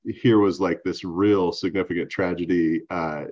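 A man's voice: deep voice, steady tone, measured pace, a little mellow, muffled recording. A middle-aged man from Southern California, a guest author who speaks in a reflective, wry way in an interview. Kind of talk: interview conversation.

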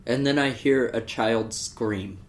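A man's voice: medium pitch, slow. A man co-hosting a podcast, talking casually and joking with easy laughter. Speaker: podcast co-host. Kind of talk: casual chat.

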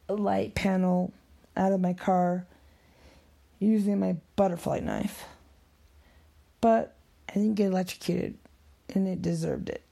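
A middle-aged woman rambles through an emotional vlog monologue, her voice gravelly with fry. Her tone is dark and mellow, and she slips into whispers now and then. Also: medium pitch.

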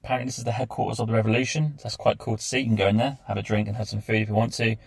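A man's voice: fairly low pitch, flat delivery, very fast, creaky, no echo. A man hosting a travel podcast, telling his trip in a chatty, enthusiastic way. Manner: chatty, enthusiastic recounting with lists. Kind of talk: casual travel diary narration.

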